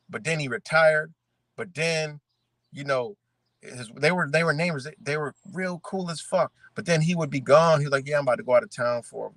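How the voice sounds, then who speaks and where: A man's voice: fairly high pitch, fairly bright tone, no echo. A man ranting in casual commentary, swearing often, peppering his talk with "right?" and street slang as he picks apart rules he reads aloud. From Rochester, New York area. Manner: profane, conversational, rhetorical questions, street slang. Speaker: vlogger.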